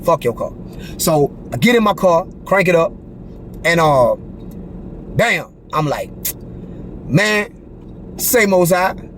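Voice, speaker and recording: A man tells a personal story straight to the camera in a casual monologue, his voice a little high, taking it slowly with frequent pauses. He's animated, speaks in profane street slang with lots of swearing, and keeps checking in by repeating "you feel me." A little hiss or hum is audible.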